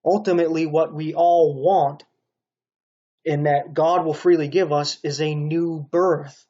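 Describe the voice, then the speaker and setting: A man's voice: fairly high pitch, fairly even intonation, unhurried, mellow, lo-fi sound. A man preaching a rambling, stern sermon monologue, pressing his points with repeated rhetorical asides. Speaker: online preacher.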